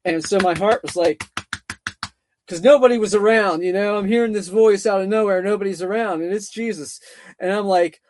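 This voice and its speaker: A man's voice: high voice, normal speed, darkish tone, dry recording. A middle-aged man telling his story as an interview guest, rambling with many repeats and fillers.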